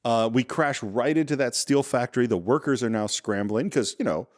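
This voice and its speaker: A man's voice: medium pitch, normal speed. Man recapping movie scenes. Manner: recaps film scenes in detail, chuckling often. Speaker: podcast co-host. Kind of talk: casual film discussion. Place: living room.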